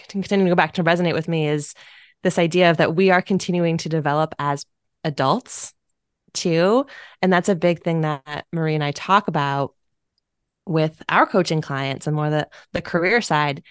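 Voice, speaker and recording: A woman's voice: lowish voice, normal speed, clear, resonant tone, no echo, studio quality. A woman co-hosting a podcast, chatting casually and often saying "like". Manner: chatty, filler "like", openly warm toward guest. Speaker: podcast co-host, career coach.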